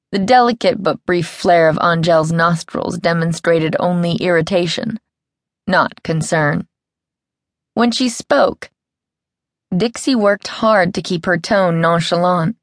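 A woman narrating a mystery audiobook in a measured storytelling manner, on a close studio mic. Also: on the low side, dry recording. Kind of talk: scripted narration.

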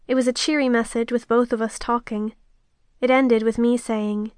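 A woman narrating a romance audiobook in the first person, with a steady, intimate delivery. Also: on the high side, moderate pace, smooth, no room sound, clean studio sound.

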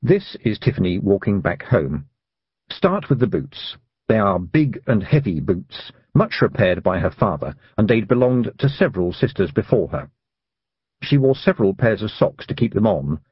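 A man narrating an audiobook for young readers in a lively, expressive reading style. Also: lowish voice, normal speed, slightly rough, dry recording, dull audio. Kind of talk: scripted storybook narration.

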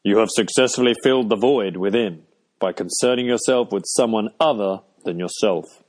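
A man's voice: fairly low pitch, normal speed, close to an everyday voice. A man doing a pompous, boisterous male servant. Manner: pompous, ceremonious.

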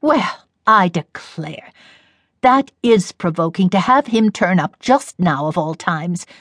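A woman's voice: on the low side, expressive, no room sound, clean studio sound, full character voice. A woman doing a snobbish impatient mother. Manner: brisk, disparaging, haughty.

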